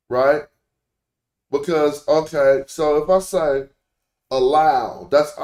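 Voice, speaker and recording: A man's voice: fairly high pitch, darkish tone. A man hosting a casual live-stream lesson, explaining points conversationally and thinking aloud. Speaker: language teacher, stream host. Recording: roomy echo.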